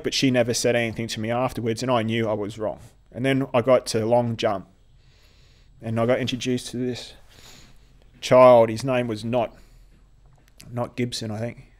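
Aussie bloke on a podcast, telling his story, stops and repeats himself a lot, middle pitch. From Australia. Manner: halting, repeats words, emotional. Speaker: podcast guest. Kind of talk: telling a personal story in an interview.

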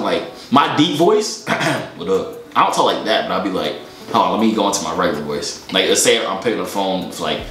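A young man casually answering fan questions in a joking, slangy, rambling way. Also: on the low side. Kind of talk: casual Q&A chat. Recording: echoey room.

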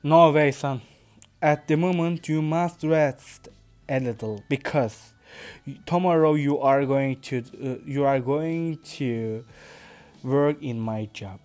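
A man's voice: mid-range voice, takes it slowly, a little mellow, natural voice. A man with a Turkish accent voicing a stern father who lectures his young son firmly in a read-aloud story. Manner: firm, lecturing.

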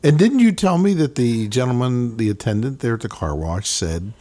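Husky man with wry, dry quips. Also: mid-range voice, lively intonation, moderate pace, warm tone. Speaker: podcast co-host. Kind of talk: casual chat.

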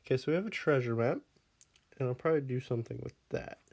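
A man's voice: mid-range voice, fast, vocal fry, a little mellow. A man casually commenting on his game as he plays, laughing often and scolding his pet dog in the game before fussing over him. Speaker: Minecraft let's player.

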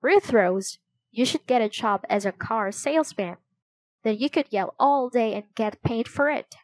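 A woman's voice: a little high, unhurried, no room sound, close to an everyday voice. A woman reading the part of a teasing, hungry young boy in a storybook, with a lazy, joking delivery.

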